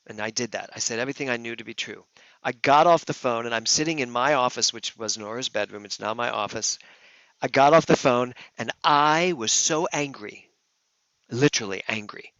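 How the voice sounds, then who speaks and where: A man giving a talk as a minister, telling a personal story in an earnest, emotional way. His voice moves from hushed to loud. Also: medium pitch, normal speed, no room sound, dull audio. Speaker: guest speaker, minister.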